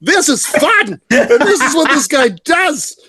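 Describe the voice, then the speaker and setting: A man's voice: extremely high pitch, sing-song, measured pace, sharp tone, faint music behind. A man co-hosting a podcast, talking in a rambling, enthusiastic way and laughing often. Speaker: podcast co-host. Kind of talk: casual comic book review chat.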